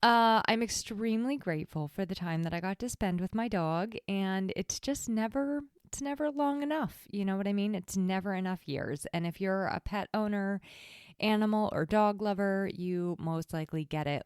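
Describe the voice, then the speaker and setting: A woman's voice: medium pitch, moderate pace, a little mellow, clean tone, dry recording. A woman hosting her own podcast, talking candidly and chattily, often close to tears. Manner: candid, chatty, heavy use of "like". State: teary, voice close to crying. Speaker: podcast host. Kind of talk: solo podcast monologue.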